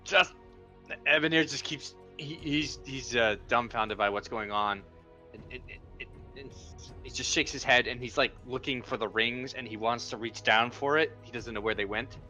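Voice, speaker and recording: A man's voice: medium pitch, normal speed, bright, forceful tone, faint music behind. A man playing a tabletop game, stammering and restarting his words as he describes his character. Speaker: player. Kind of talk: tabletop game role-play.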